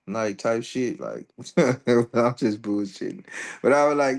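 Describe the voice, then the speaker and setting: A man's voice: medium pitch, animated, measured pace. A man teaching an astrology workshop in a loose, profane, joking way. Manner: loose and profane, jokes and laughs between readings. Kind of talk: casual astrology workshop talk.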